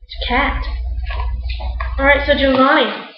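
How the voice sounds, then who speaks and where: A woman teaching an English class in a classroom, speaking slowly and patiently and stretching out sounds for her students. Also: sits high, flat delivery, a little hiss or hum. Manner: slow, patient, imitates animal sounds. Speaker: ESL teacher. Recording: echoey classroom, dull lo-fi sound.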